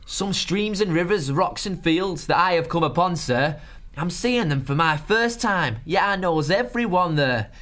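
A man's voice: high voice, expressive, normal speed, fairly bright tone, voice pushed up. A man voicing a cheeky, chatty male harvest mouse with folksy rustic speech in a storybook reading. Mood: musing rhyme.

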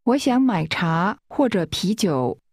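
A woman speaks very slowly, modeling phrases for a language drill. She pronounces each word carefully, in a dry, close recording. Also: medium pitch, very animated, a little mellow, slightly rough, dry recording. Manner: slow, careful pronunciation.

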